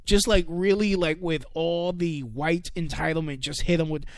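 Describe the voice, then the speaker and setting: A man's voice: fairly high pitch, fairly even intonation, normal speed, no room sound, clean studio sound. A man hosting a casual online radio show, ranting with a lot of swearing, stumbles and filler words. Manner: profane, rambling, many fillers and restarts. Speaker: podcast host. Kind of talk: casual comedic rant.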